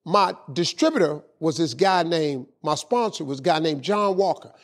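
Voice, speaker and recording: A middle-aged man telling an animated motivational story, often repeating "man" as filler. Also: fairly high pitch, moderate pace. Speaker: motivational speaker. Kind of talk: storytelling speech.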